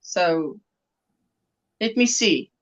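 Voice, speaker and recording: A woman's voice: on the low side, expressive, extremely slow. A South African woman hosting a livestream from her phone, signing off apologetically. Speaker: livestream host. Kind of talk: casual livestream chat. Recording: dull phone audio over mobile data.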